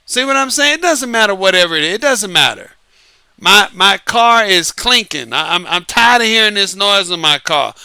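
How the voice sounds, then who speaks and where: A man hosting his own show as an author, giving a casual, lively monologue, repeating himself and laughing often. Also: high voice, normal speed, smooth, no echo. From United States. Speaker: podcast host and author. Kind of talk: casual late-night monologue. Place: Southern California.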